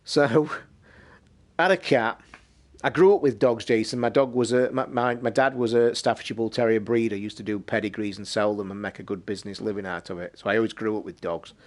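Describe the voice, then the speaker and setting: A man, telling a long personal anecdote on a podcast in a casual, sweary, animated way. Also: on the low side, a little fast. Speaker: podcast host. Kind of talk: casual storytelling.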